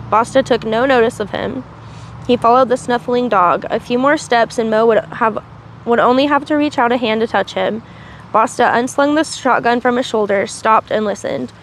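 A woman's voice: fairly high pitch, moderate pace, a little hiss or hum. A woman reading a novel aloud on a livestream, with small slips and restarts. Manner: reads with small slips and restarts, asides in between. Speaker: reader.

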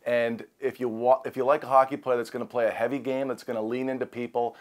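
A man talking eagerly as a hockey analyst, a little out of breath, in excited direct-to-camera commentary. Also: medium pitch, fast talker. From Canada. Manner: eager, emphatic.

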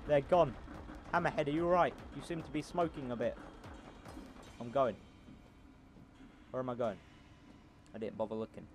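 Brief: slightly high male gamer, loud, silly, repeats himself, noisy gunfire behind. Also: animated, moderate pace, pauses often. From not American. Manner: loud, goofy, shouting repeated battle cries. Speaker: gameplay commentator. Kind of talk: casual gameplay commentary. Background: game gunfire and engine noise.

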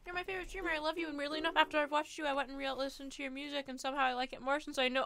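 A woman's voice: high voice, fairly even intonation, very fast, hardly any pauses, bright, forceful tone, soft background music. A young woman streaming a game, chatting casually, reading chat aloud and poking fun at herself. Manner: chatty, self-deprecating, reads chat aloud.

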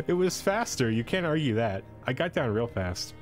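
A man's voice: mid-range voice, big pitch swings, normal speed, hardly any pauses, faint music behind. A man streamer reading an adventure storybook aloud, breaking off for playful asides. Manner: playful asides and laughs between narration.

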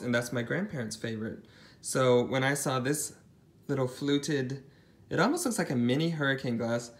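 A man casually chatting as he shows off a thrift haul, rambling with lots of ums and side comments. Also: mid-range voice. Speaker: thrift reseller showing a haul. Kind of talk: casual haul vlog chat.

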